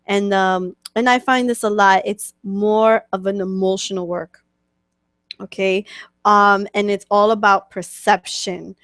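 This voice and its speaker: A woman's voice: mid-range voice, steady tone, measured pace, fairly bright tone, no echo, clean studio sound. New York woman teaching in a chatty way. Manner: chatty, many fillers and "okay?" check-ins. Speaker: spiritual coach hosting a webcast. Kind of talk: casual teaching talk answering questions.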